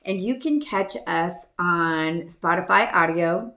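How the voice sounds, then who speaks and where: A woman's voice: on the low side, takes it slowly, fairly bright tone, reverberant. A woman hosting a podcast, telling a casual story in a chatty, self-deprecating way, laughing often and trailing off with ums. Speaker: podcast host.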